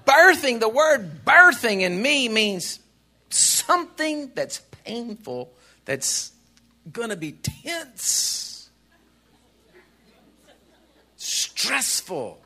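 Older pastor, high-pitched and bright, humorous sermon delivery with loud peaks. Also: male voice, very animated, very slow, pauses often. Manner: humorous, swings from soft asides to shouts.

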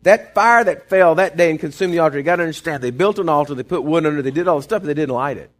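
Speaking very fast in a voice a little on the high side, this pastor delivers a homey, conversational sermon. He trades quiet remarks to the congregation for forceful, emphatic outbursts.

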